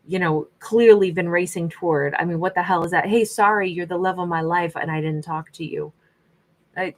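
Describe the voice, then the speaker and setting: A woman with a fairly low voice talks through a tarot reading in a sassy, animated way. She drops into the voices of the people she reads about as she goes. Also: rough recording. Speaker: tarot reader.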